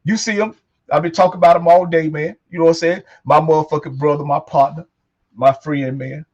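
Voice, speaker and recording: Male talk host, casual and profane, rapid talker, sits a bit high in his range, leans on filler phrases. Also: steady tone, a little mellow. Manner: loose, profane, repeats "man" and "you know what I'm saying". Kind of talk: casual talk show chat.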